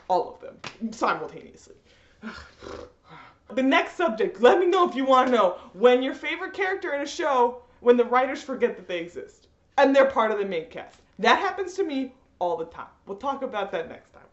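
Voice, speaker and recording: Animated, rambling young woman ranting. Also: fairly high pitch, a little fast, slight background noise. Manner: rambling, animated, filler-heavy. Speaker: vlogger. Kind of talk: ranting commentary. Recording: roomy, slightly dull recording.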